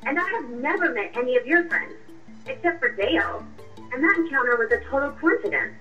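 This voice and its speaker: Woman playing a sharp-tongued girlfriend in a radio drama, bit high, sounds muffled and far off over music. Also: animated, a little fast. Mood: accusing. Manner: cutting, accusing, coolly triumphant.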